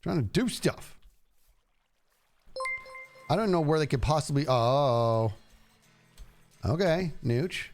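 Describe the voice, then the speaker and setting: A man streaming a game and chatting casually, animated and jokey, talking to himself as he plays. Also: fairly high pitch, slow pace, pauses often, faint music behind. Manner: animated, jokey, talks to himself while playing. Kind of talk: casual gameplay commentary.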